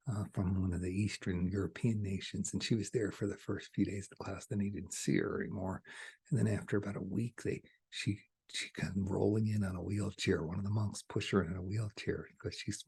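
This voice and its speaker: A man delivering a channeled spiritual message, soft-spoken and at times hushed. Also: on the low side, brisk, breathy edge.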